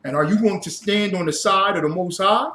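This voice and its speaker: A man preaching a fiery sermon as a religious teacher, blunt and profane, rising to shouts. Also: high voice, brisk, slight background noise. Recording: roomy echo.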